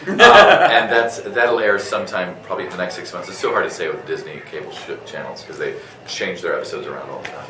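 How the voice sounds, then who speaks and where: A male voice actor, a guest at a convention interview, telling a story in a lively way, full of fillers, restarts and laughter. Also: sits low, fairly quick, roomy sound, distant mic, a crowd in the background, poor audio. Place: convention room.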